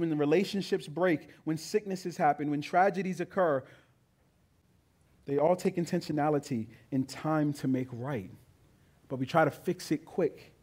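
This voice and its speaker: A male pastor preaching a sermon with emphatic delivery that builds to loud, high peaks.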